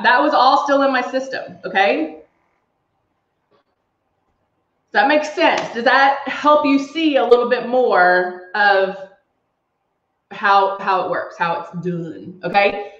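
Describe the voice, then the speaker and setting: A woman's voice: fairly high pitch, slow pace, pauses often, fairly bright tone. A woman doing a casual live makeup tutorial, chatting through each step and reading comments from viewers. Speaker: makeup demonstrator on a livestream. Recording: echoey room, slightly dull sound.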